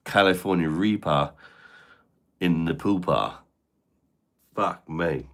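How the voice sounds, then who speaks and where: Low-voiced man joking crudely. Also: slow, long pauses, a bit bright. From Britain. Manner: crude, joking banter full of slang and swearing. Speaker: live streamer reading chat. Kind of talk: casual live-stream chat.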